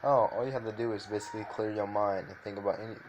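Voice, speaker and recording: A cheerful, friendly young hero from a fan story, read by a man in a low voice. He talks easygoing and reassuring, in a plain everyday tone. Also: fairly even intonation, quick pace, a little mellow, muffled recording, slight background noise, natural voice.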